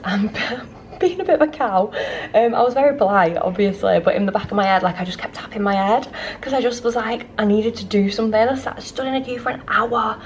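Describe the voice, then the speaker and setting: A woman's voice: medium pitch, a little mellow, a little hiss or hum. A young woman vlogging casually about her travel day in a hotel room, rambling and self-deprecating, her voice audibly shaky. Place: hotel resort room, indoors. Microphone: handheld camera.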